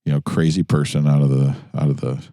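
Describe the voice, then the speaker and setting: A man's voice: very deep voice, level tone, fast talker, gravelly, dark tone, dry recording, studio quality. A man from New York co-hosting a casual car chat, rambling along in a laid-back way with lots of "you know.". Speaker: podcast co-host. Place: inside a jeep.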